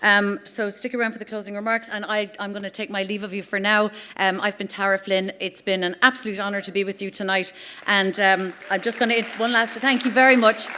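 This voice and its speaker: A woman's voice: medium pitch, flat delivery, fairly quick, pushed and bright. An Irish woman hosting a live evening on a theatre stage, chatty and self-deprecating as she introduces acts. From Ireland. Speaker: host of the evening. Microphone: stage microphone.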